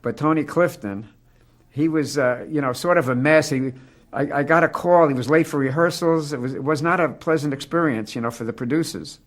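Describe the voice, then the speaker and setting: Male interviewee, slightly higher voice; halting, stumbling storyteller. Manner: halting, stumbles over words.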